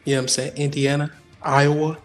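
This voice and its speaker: A man with a higher voice argues on a live stream. He mocks the others and keeps insisting, repeating the same points over and over. Faint music sits behind him. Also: little pitch movement, a little fast. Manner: mocking, insistent, repeats himself. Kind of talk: heated argument.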